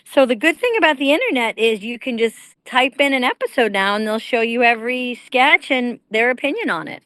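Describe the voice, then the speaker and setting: A woman's voice: fairly high pitch, expressive, fairly quick, fairly bright tone, no room sound. A woman in her fifties, chatting wryly as a podcast guest from an airport, laughing easily. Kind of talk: casual podcast chat.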